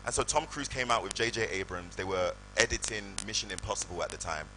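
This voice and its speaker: A man, telling animated stories on stage at a live event. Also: low-pitched, fast, soft background music, rough recording. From United Kingdom. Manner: animated, acts out voices in anecdotes. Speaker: guest actor. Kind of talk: storytelling on stage. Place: live event hall with audience.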